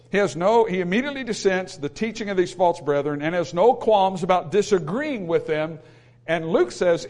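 A man's voice: sits high, darkish tone. A male pastor preaching a sermon in an emphatic, repetitive way, with humorous asides.

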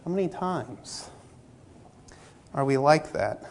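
Preaching slowly with lively intonation, a man whose voice is on the high side and shows vocal fry turns his sermon into conversation, performing dialogue from everyday church anecdotes. There's a little hiss or hum in the recording.

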